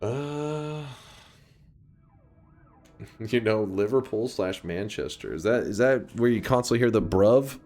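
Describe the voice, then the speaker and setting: A man's voice: lowish voice, moderate pace, few pauses, a little mellow. A man giving casual gameplay commentary as a streamer, rambling, thinking aloud and answering chat.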